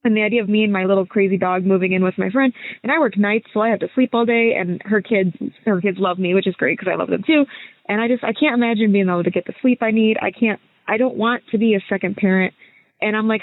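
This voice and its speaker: A woman's voice: medium pitch, quick pace, no room sound. Twenty-something woman on a tinny phone message. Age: 20s. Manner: rambling, hesitant, self-interrupting. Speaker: listener caller sending a voice message. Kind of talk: casual recorded voice message. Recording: thin phone-line sound.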